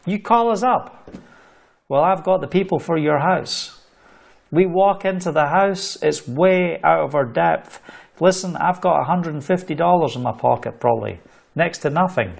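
Gravelly middle-aged preacher from the uk, acts out the people in his story, kinda high for a guy. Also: moderate pace. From United Kingdom. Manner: animated, acts out quoted voices in storytelling. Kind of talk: storytelling sermon.

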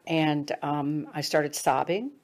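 Middle-aged woman, low gravelly voice, earnest storyteller. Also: fairly even intonation, slow. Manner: earnest, drops to hushed tones for quoted advice. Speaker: speaker. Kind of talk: personal storytelling talk.

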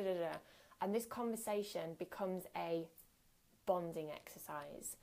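A woman coach talks through a workshop in a candid, earnest way, with a gravelly edge to her fairly low voice. She keeps it conversational, pausing on the odd filler. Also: darkish tone. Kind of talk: workshop talk.

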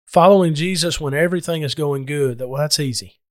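A man's voice: fairly high pitch, brisk, no room sound, clean studio sound. Earnest man preaching a Bible lesson. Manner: earnest, emphatic scripture reading.

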